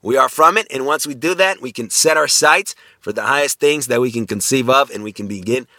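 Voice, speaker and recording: A bright-voiced man lecturing on ethics. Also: medium pitch, a little fast, no echo, studio quality. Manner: conversational, many restarts, frequent "right?" tag questions.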